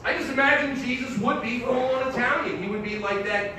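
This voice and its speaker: A man doing a stand-up set live on a theater stage, brash and profane, shouting his punchlines. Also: high voice, quick pace, hardly any pauses, very echoey, distant mic, noisy background. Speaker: stand-up comedian.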